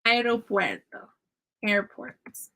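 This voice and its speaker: A woman's voice: medium pitch, big pitch swings, fairly bright tone, slight background noise, rough recording. A woman teaching a casual Spanish lesson from home, saying Spanish phrases and their English meanings in a chatty, patient way. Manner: chatty, explains slowly, switches between Spanish and English phrases.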